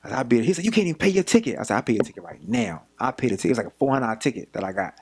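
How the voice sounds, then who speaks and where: A man's voice: medium pitch, rapid-fire, slightly rough. A young man from Philadelphia, a podcast guest, telling a story casually and acting out the voices of the people in it. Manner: animated retelling, acts out quoted voices.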